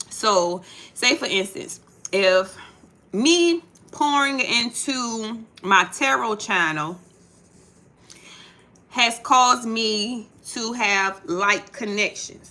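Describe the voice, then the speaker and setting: A woman's voice: medium pitch, sharp tone, rough recording. A woman reading tarot on a live stream, chatting casually with viewers and repeating herself as she sorts out names. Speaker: tarot reader.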